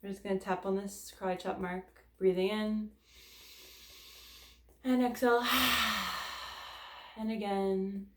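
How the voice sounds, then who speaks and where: A woman's voice: mid-range voice, flat delivery, unhurried, long pauses, mellow, slight background noise. A woman leading a guided tapping session in a casual, candid way, swearing freely and sighing between statements. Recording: echoey room.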